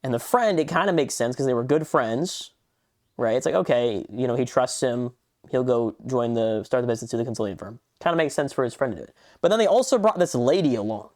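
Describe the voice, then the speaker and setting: A man's voice: mid-range voice, expressive, fairly quick, darkish tone, no room sound, clean studio sound. A man co-hosting a casual podcast, ranting animatedly and swearing freely. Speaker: podcast co-host.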